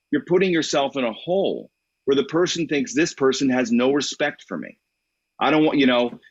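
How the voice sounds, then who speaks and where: A man speaking as a guest in a podcast interview, telling anecdotes in a relaxed, conversational way. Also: medium pitch. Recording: dry, slightly muffled recording.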